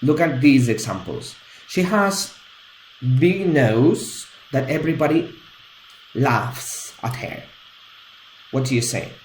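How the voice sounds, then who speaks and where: Slow, patient male English teacher. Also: medium pitch, expressive, echoey room, a little hiss or hum, low-quality recording. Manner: patient, explains step by step. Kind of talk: grammar lesson.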